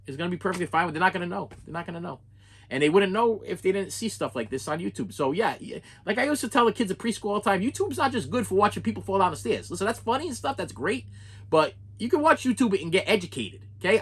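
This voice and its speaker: Frustrated man ranting, fairly high voice. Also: pushed and bright, husky. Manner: repetitive, frustrated, many restarts. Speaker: collector vlogger. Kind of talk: unscripted vlog rant.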